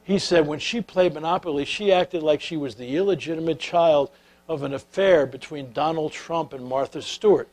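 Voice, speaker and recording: A man telling stories to an audience and drawing life lessons, in an animated way that grows soft and intimate, often filling pauses with "uh". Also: on the high side, low-quality recording. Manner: animated storyteller who turns soft and intimate; filler-heavy, with repeated "uh". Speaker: speaker. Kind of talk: storytelling talk.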